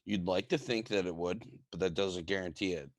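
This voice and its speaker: A man's voice: low-pitched, a little fast, no echo. A young man co-hosting a podcast, chatting casually about sports in a brash manner and swearing freely. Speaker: podcast co-host.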